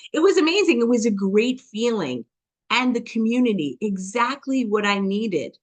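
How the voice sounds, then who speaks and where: A woman giving a personal testimony, talking quickly and passionately, often checking in with "okay?" and acting out voices as she tells her story. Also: lowish voice. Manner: animated storytelling with quoted dialogue. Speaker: business testimony speaker.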